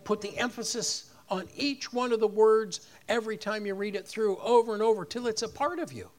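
A man's voice: high-pitched, fairly quick. A man preaching a sermon, rising on key phrases and leading the congregation in repeating lines. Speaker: pastor.

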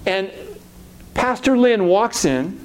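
A middle-aged pastor tells a lively personal faith story, acting out the voices of the people he quotes. His voice sits high and he speaks slowly.

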